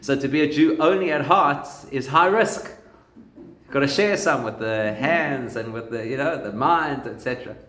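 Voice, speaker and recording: A rabbi gives a relaxed, conversational Torah lesson and works humorous stories into it. His voice sits at an ordinary pitch for a man. The recording has a noticeably roomy echo. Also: normal speed, slight background noise. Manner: conversational teaching with humorous anecdotes.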